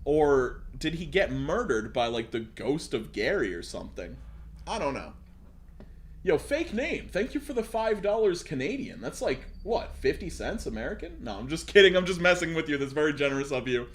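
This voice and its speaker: His voice is fairly high with big pitch swings and a normal speed as the young man reads a story aloud during a live stream. He keeps stopping to joke, laugh, mock, swear and chat with viewers in a casual, aside-filled reading.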